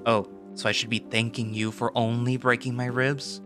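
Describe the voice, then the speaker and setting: A man's voice: medium pitch, level tone, normal speed, lightly acted. A man voicing a small, bitter young male fighter with a biting, sarcastic delivery. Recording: voice over loud background music.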